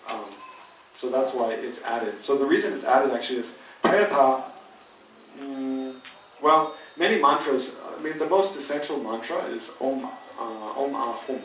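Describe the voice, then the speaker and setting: A man's voice: medium pitch, measured pace, a bit bright, a little hiss or hum. A man teaching a Buddhist study class, patiently thinking aloud and restarting his sentences often. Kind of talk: dharma class lecture. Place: teaching hall. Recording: roomy hall, mic at a distance.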